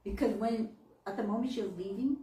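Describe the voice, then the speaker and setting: A woman minister telling a story in a sermon, animated and often laughing. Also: fairly high pitch, brisk, distant mic. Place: church. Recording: echoey church from off-mic.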